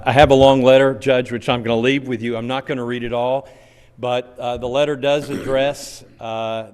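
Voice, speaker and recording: A man with a West Kentucky accent, a state transportation representative reading a letter aloud at a county meeting in a courthouse, formal with "uh" fillers. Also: mid-range voice. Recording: long reverb of a courtroom.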